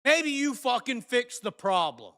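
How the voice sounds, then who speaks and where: Profane, ranting man, high voice. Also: big pitch swings, unhurried, big-room sound. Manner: heated, profane, shifts from shouting to muttering. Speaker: host. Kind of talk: angry live rant.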